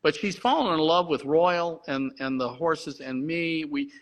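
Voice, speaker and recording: A middle-aged man, a horse breeder and guest, telling a long story in an excited way and often restarting his sentences. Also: fairly high pitch, measured pace, low-quality recording. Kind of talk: animated storytelling.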